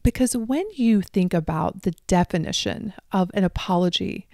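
A woman life coach hosting a solo podcast, talking straight to her listeners and dropping into soft asides. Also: lowish voice, lively intonation, normal speed, no room sound, clean studio sound. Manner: addresses listeners directly, drops into soft asides.

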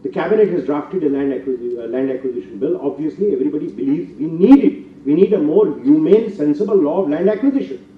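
An older man with an Indian English accent giving a formal public lecture, emphatic and rising to forceful rhetorical peaks. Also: fairly high pitch, expressive, quick pace, few pauses, a little hiss or hum. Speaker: guest lecturer. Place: lecture hall. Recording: distant, roomy, dull hall recording.

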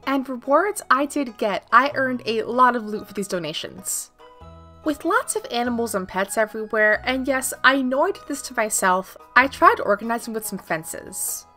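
Bright, upbeat young woman narrating gameplay. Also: fairly high pitch, expressive, moderate pace. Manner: upbeat, playful. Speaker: gaming YouTuber. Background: faint background music.

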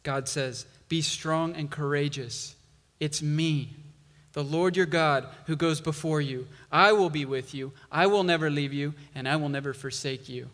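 A male pastor preaching a sermon, slow and emphatic, building intensity on key lines. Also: a little high, fairly bright tone, big-room sound.

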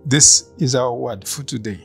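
Emphatic pastor. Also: male voice, medium pitch, gravelly, faint music behind. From Uganda. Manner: emphatic, short phrases paused for interpreter. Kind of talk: sermon with interpreter.

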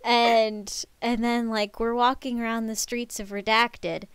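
Woman streamer, fairly high voice, animated and chatty, dry close mic. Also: unhurried, smooth, no room sound. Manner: animated, chatty storytelling with laughs. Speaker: streamer host. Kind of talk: casual chat on a live stream.

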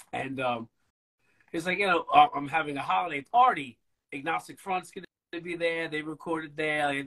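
New guy rambling through band stories, swears a lot, bright punchy voice. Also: fairly high pitch, low-quality recording. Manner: profane, rambling, animated storytelling. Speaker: bass player guest. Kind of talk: casual storytelling interview.

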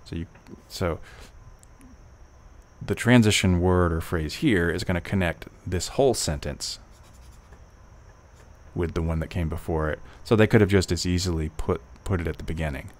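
A man tutoring test prep, reading passages slowly and then reasoning aloud through each answer with fillers and restarts. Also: sits low. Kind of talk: walkthrough of test questions, thinking aloud.

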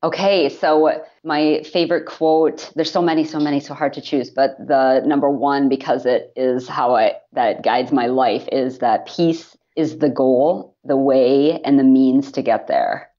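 A woman's voice: extremely low pitch, fairly even intonation, measured pace, hardly any pauses, muffled recording. A woman from Wisconsin, a mentor and coach, talking earnestly as a podcast guest. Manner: warm, earnest, laughs often. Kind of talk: podcast interview.

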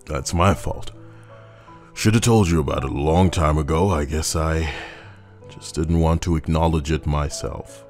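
A man voicing a gruff, crackling old farmer grandfather. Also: a bass voice, steady tone, measured pace, darkish tone, soft background music. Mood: somber. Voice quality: rough, crackling. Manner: scolding, firm. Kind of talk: horror story narration.

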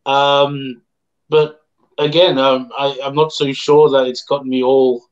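A man's voice: medium pitch, flat delivery, a little slow, dull audio. An Australian man co-hosting a live music chat, giving thoughtful, hedging opinions. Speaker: co-host, music reviewer. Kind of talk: casual live-stream chat.

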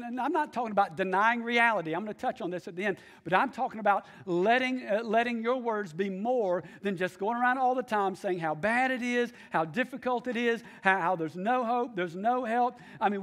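A man's voice: sits high, a bit bright. A male pastor preaching a sermon, emphatic, repeating key phrases and calling out to the congregation.

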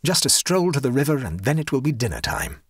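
A man voicing a joyful, dreamy young gentleman. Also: medium pitch, very animated, fast talker, no room sound, clean studio sound. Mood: hearty.

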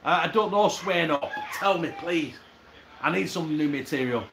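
A man with an Oldham accent hosts a casual livestream, swearing, joking and chatting in a voice on the high side at normal speed. The banter is picked up with a roomy echo and background noise.

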